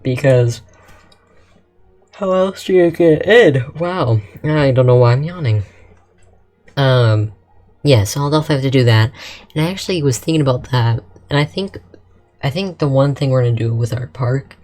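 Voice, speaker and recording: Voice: medium pitch, darkish tone. A content creator talking casually over building-game footage, rambling with lots of fillers and restarts. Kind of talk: casual gameplay commentary.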